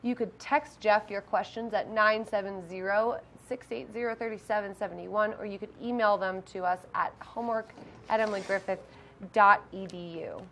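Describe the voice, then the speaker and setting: A woman's voice: mid-range voice, steady tone, normal speed, a bit bright, a little hiss or hum. A woman who teaches math, hosting a live call-in homework help show in a friendly way with frequent ums.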